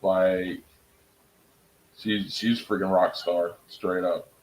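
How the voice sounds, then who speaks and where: A young man talks casually on a home live stream, rambling and excitable, often laughing at his own stories. His voice sits a little low for a man. The room around him is echoey and roomy. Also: slow pace, a little hiss or hum.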